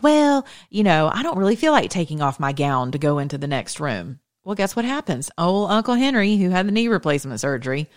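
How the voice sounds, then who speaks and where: Low-voiced emphatic woman host. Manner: chatty, emphatic storytelling with asides and self-interruptions. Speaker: political commentary host. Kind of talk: casual monologue commentary.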